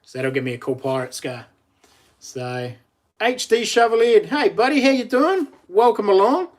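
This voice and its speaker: A man's voice: high-pitched, very animated, moderate pace. A middle-aged man with a New Zealand accent, chatting casually on a live stream, laughing often and reading out viewer messages.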